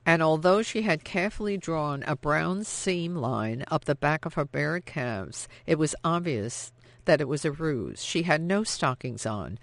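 An audiobook narrator reading a novel in a measured, even storytelling manner. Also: medium pitch, gravelly, dry recording. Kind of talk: scripted narration.

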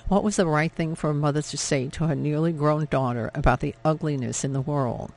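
A male audiobook narrator with a gravelly, creaky texture and a voice pitched a little above the usual male range. He reads the novel in a steady, measured, dramatic way, shaping each sentence with care. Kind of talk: scripted narration.

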